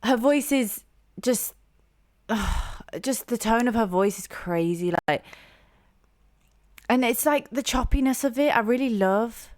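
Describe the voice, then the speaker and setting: A woman's voice: a little high, takes it slowly, long pauses, a little mellow, no echo, clean studio sound. Gushing young woman reacting to music. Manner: gushing, rambling with many fillers and restarts. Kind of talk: casual reaction commentary.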